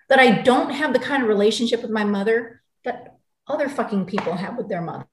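A woman's voice: a little high, brisk. A woman in her forties from the United States, a guest in an interview who tells her story in an angry, intense and blunt way. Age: 40s. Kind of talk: emotional interview. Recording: roomy echo.

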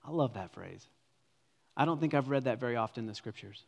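A man's voice: mid-range voice, fairly quick, gravelly. Dynamic male pastor in a reverberant hall. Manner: dynamic preaching, swinging from loud emphasis to hushed near-whispers. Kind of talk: sermon. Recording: long reverb of a large hall.

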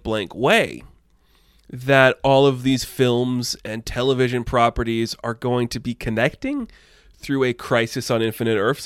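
A man's voice: medium pitch, dry recording, studio quality. A man giving casual, opinionated comic book news commentary, rambling a little and laughing often. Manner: rambling asides. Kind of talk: casual pop-culture commentary.

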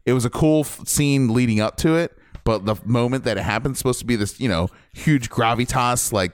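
Smooth-voiced man ranting about a film. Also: mid-range voice, brisk, hardly any pauses, no room sound, clean studio sound. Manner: animated, opinionated, jumps between points. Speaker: podcast host reviewing a film. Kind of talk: casual spoiler review chat.

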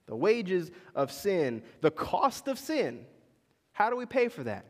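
Lively preaching man in echoing hall. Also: sits high, takes it slowly. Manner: conversational preaching with questions to the congregation. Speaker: pastor. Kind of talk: sermon. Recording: long reverb in a large hall.

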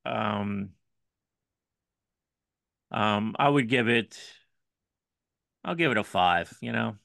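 A man's voice: on the low side, slow pace, creaky, a bit bright, no room sound, clean studio sound. A man co-hosting a podcast in casual chat, talking hesitantly with frequent stammers. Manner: hesitant, stammering, laughs often. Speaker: podcast co-host. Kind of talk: casual food-review chat.

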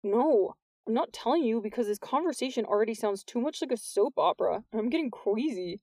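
A wry teenage boy, as a woman narrator puts him on for a storybook reading, deadpan and teasing, with easy, unhurried delivery. The sound is close and dry. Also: a little high, no room sound.

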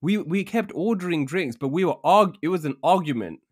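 Animated man telling a story. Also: on the high side, a little fast, breathy edge. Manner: animated, laughing often, says "bruv" a lot. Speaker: podcast co-host. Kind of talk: casual storytelling chat.

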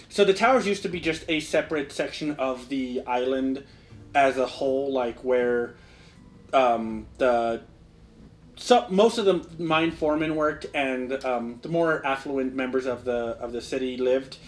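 A man's voice: medium pitch, unhurried. A young man narrating as game master in a casual, rambling way, full of fillers. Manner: rambling, filler-heavy, laughs often.

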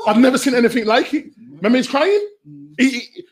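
A man, speaking as a researcher guest in an animated conversation, full of slang and acting out the voices of people he quotes. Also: extremely high pitch, a little fast, very noisy. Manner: slangy, acts out quoted voices, bursts into laughter. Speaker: youth violence researcher and guest.

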